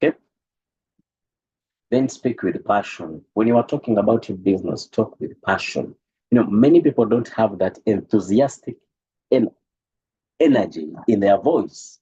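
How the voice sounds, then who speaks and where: Animated man giving a lo-fi coaching talk. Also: lowish voice, normal speed, long pauses, breathy edge. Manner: animated, repeats words, stumbles, preachy. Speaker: business coach. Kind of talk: motivational talk to a group. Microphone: online call.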